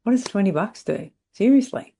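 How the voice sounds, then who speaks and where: A woman's voice: mid-range voice, expressive, moderate pace, creaky, mellow, slightly rough. A middle-aged woman coaching salon owners in a podcast monologue. She is blunt and emphatic and keeps checking in with "right?". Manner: blunt, emphatic, repeats catchphrases and asks "right?".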